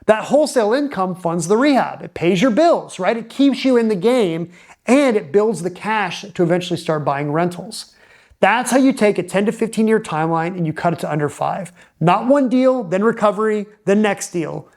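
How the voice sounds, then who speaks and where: A man's voice: sits high, animated, moderate pace, darkish tone. Emphatic man giving punchy investing advice. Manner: emphatic, punchy coaching delivery. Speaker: real estate investor. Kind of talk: direct-to-camera advice talk.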